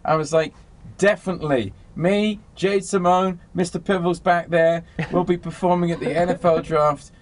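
An English man, a magician and comedian, trading jokes in a grumpy, deadpan way during a TV interview. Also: high voice, normal speed, slight background noise. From England. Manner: dry, deadpan, grumpy humor. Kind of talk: comic TV interview via video link.

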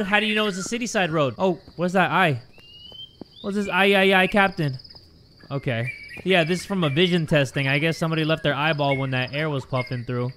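A young man commentating on a horror game, goofy and excitable, swearing often and joking to his viewers. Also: a little high, noisy background. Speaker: gaming YouTuber.

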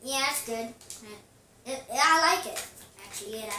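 A woman's voice: high-pitched, expressive, normal speed, sharp tone. A woman casually commenting on her own gameplay, chatty and giggly, talking to herself as she plays. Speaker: gaming vlogger. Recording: echoey room, distant mic, noisy.

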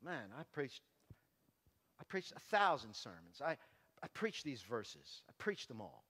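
A male pastor giving his testimony as a sermon, passionate, moving from hushed to loud preaching. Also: medium pitch, big pitch swings, measured pace, husky, long reverb tail.

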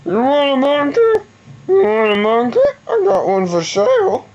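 A shrill old grandma. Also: male voice, very animated, unhurried, darkish tone, a little hiss or hum, full character voice. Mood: pushy. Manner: screechy, high and pushy. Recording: dull lo-fi home recording.

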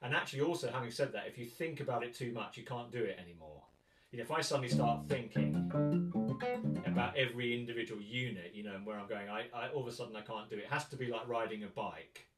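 A man from England teaching a guitar workshop, thinking aloud in a relaxed way and singing rhythms to count them out. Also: medium pitch, quick pace. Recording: roomy, distant mic with loud guitar.

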